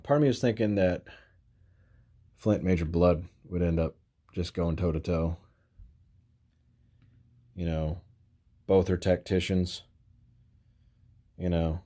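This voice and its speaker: Deep-voiced man rambling through a toy review. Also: warm tone. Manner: rambling, filler-heavy, frequent "you know"; chuckles while handling figures. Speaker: toy collector reviewing action figures. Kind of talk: casual toy review vlog.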